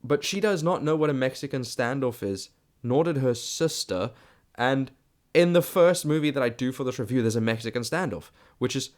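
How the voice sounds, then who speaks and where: A South African man hosting his own podcast, giving a rambling, chatty solo movie review and often restarting his sentences. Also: medium pitch. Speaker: podcast host.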